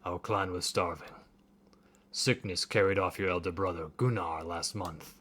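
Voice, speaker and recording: A man voicing a stern, husky spirit elder. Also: low-pitched, fairly even intonation, a bit bright. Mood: grave. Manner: slow, solemn, weighty delivery. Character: stern spectral elder, grave and commanding. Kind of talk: reading game dialogue aloud.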